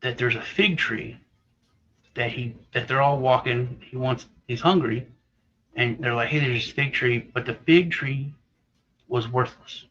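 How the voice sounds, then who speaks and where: A man's voice: medium pitch, a little slow, a bit bright. A man co-hosting a casual chat, rambling through a story and acting out the other people's lines. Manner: rambling storyteller, acts out quoted voices. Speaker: co-host. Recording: slightly dull lo-fi audio.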